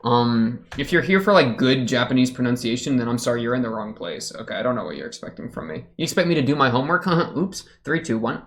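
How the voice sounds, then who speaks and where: A man's voice: medium pitch, expressive, fairly quick, vocal fry, few pauses, fairly bright tone. A young man casually commenting while watching an anime episode, chatty and rambling, laughing often. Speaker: reaction streamer.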